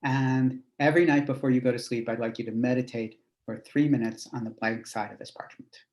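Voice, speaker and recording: A man playing a gentle wandering prophet. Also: medium pitch, steady tone, fairly quick, echoey room, close to an everyday voice, low-quality recording. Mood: reassuring.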